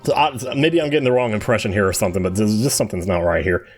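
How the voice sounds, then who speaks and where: A man's voice: fairly low pitch, fast talker, few pauses, breathy edge, soft background music. A young man hosting a let's play, joking and reacting aloud while he reads the game's dialogue. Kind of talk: casual game commentary.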